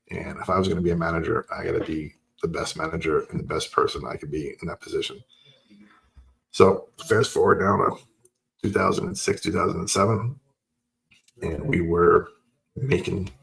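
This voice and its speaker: Deep, gravelly-voiced man telling a story. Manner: animated storyteller acting out dialogue. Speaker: podcast host. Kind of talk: personal story told casually.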